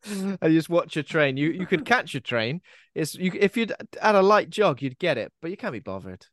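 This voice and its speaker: A man with a very lively, up-and-down voice, co-hosting a podcast in casual chat. He is recorded dry and close, with no room sound, and his quick asides tend to trail off quietly. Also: a little high, no room sound. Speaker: podcast co-host.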